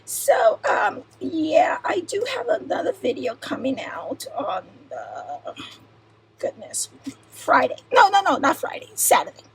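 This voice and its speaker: A middle-aged woman chatting casually while unboxing crafts, talking softly in a half-whisper and giggling often. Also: sits high, huge pitch swings, unhurried, gravelly, poor audio. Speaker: crafting vlogger.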